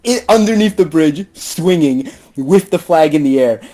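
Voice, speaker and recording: Guy on a movie podcast, hyped up, swears a lot, mellow dark voice. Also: fairly high pitch, moderate pace. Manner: excitable, swears often. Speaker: podcast co-host. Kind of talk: casual movie discussion.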